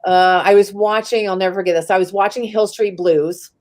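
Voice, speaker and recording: A Bay Area woman appearing as a guest in a live interview tells a personal story with casual candor, often using "like" and swearing freely. Her medium-pitched voice is steady in tone, a little mellow, and fairly quick.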